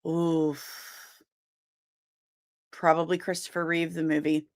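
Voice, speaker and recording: A woman's voice: low voice, little pitch movement, takes it slowly. A young woman hosting a casual livestream, chatting and greeting viewers by name, with easy laughs. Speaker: livestream host.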